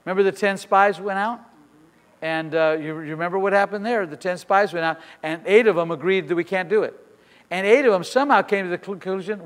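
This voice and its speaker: Emphatic preacher in a reverberant church. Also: male voice, high-pitched, animated, fast talker. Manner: emphatic preaching that swings between soft asides and loud declarations. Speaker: pastor. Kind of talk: sermon with personal stories.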